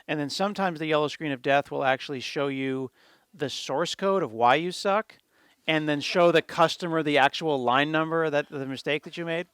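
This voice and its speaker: A middle-aged man tells a lively, jokey story to an audience, slipping into quick impressions of the people he quotes. His voice sits a little high and comes through smooth and clear. The sound is dry and close. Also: no room sound. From United States. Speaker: conference speaker. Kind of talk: storytelling tech talk.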